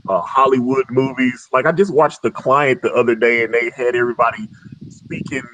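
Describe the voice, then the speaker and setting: A man's voice: mid-range voice, fairly even intonation, brisk, a bit bright, muffled recording. Easygoing man guest, faint noise behind. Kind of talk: casual chat.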